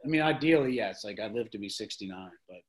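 A man's voice: on the low side, lively intonation, fast, rough recording. A male podcast guest in casual chat, rambling and frank, with some swearing.

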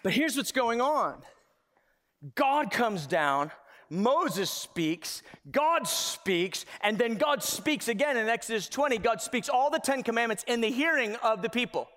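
A man preaching a sermon as pastor, telling a Bible story with animated delivery and acted-out voices and shouts. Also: very high-pitched, unhurried, big-room sound. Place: church sanctuary.

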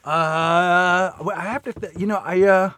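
A man's voice: high voice, steady tone, a little slow, sharp tone. A middle-aged man bantering crudely as a guest on a comedy podcast, laughing often. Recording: noticeable background hiss.

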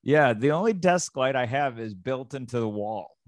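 A man's voice: medium pitch, animated, moderate pace, dry recording, clean studio sound. A man chatting casually over a remote call, easygoing, making puns and laughing along. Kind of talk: casual chat.

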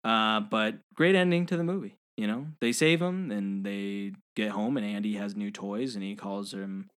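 A man casually discussing a movie with a friend, animated, often jumping into high-pitched character impressions. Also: moderate pace, clean tone. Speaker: podcast co-host.

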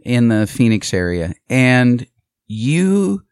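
Animated, laughing male podcast host. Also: medium pitch, slow pace, smooth, dry recording, clean studio sound. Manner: animated storyteller, laughs often. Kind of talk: casual political chat.

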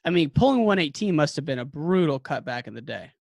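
A man's voice: a little high, big pitch swings, fast, gravelly, no room sound, clean studio sound. A man hosting an interview, asking conversational questions and prompting stories. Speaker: host, interviewer. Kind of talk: casual interview.

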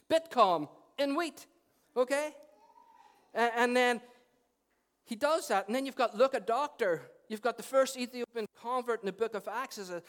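High-voiced lively preacher. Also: male voice. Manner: animated, talks to the congregation by name. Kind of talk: lively sermon with humor.

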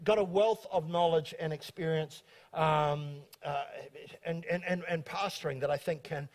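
A high-pitched man leading a church gathering as host pastor. He talks fast and eagerly, tripping over his words and restarting sentences as he goes. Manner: fast, excitable, stumbling restarts. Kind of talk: church talk introducing guests.

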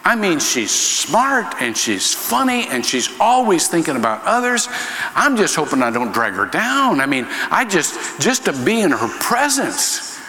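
A man's voice: on the high side, sing-song, a little slow, sharp tone, slight background noise, exaggerated voice. A man playing an earnest, humble young suitor. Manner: earnest, awed. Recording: echoey hall reverb.

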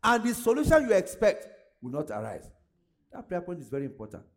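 A man's voice: sits high, huge pitch swings, brisk. A male pastor leading his congregation in fervent prayer, calling out prayer points for them to repeat and breaking into speaking in tongues.

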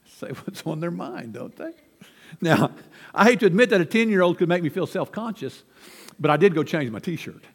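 An older pastor preaches from the pulpit of a church sanctuary, sharing folksy, self-deprecating stories about his family. His high-pitched voice has lively intonation and a moderate pace, and the room sounds like a large hall.

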